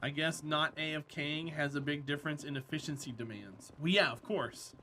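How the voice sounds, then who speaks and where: A man's voice: a little high, fairly quick, sharp tone, slight background noise. A male streamer chatting casually with his viewers while gaming, laughing often and talking to chat by name. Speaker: streamer, host.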